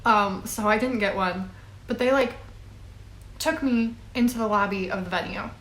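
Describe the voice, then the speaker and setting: A woman's voice: medium pitch, moderate pace, fairly bright tone. A young woman in her twenties telling a long story casually, rambling with fillers and little laughs. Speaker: vlogger. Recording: echoey room.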